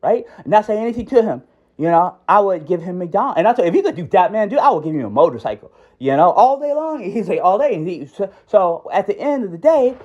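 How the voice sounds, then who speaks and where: Fairly quick and sing-song, this high-pitched man's voice belongs to an ex-teacher ranting heatedly on a recorded phone call. He rambles in agitation, leaning on "right?" and "dude."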